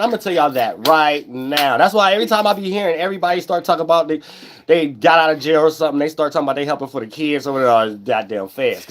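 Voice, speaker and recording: Man, vlogger, casual rant, fairly high voice, repetitive and animated. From Ohio, USA. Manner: animated and repetitive, often asks "you know what I'm saying?". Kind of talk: casual ranting commentary.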